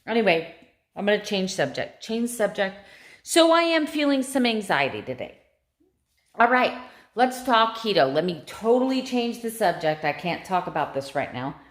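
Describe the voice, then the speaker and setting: A woman's voice: mid-range voice, big pitch swings, normal speed. A middle-aged American woman vlogger chatting casually to camera in an emotional, confiding way. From United States.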